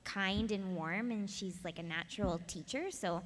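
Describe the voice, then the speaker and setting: A woman's voice: medium pitch, moderate pace. A woman voice actress on a convention panel, speaking sincerely and with appreciation. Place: convention hall. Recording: echoey hall with faint ambience.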